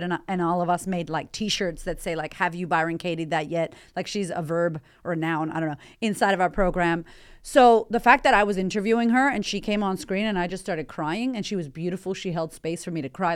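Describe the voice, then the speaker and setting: A woman's voice: lowish voice, fairly even intonation, fairly quick, clear, resonant tone. A woman hosting a motivational podcast, talking with candid energy and swearing freely. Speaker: podcast host and life coach.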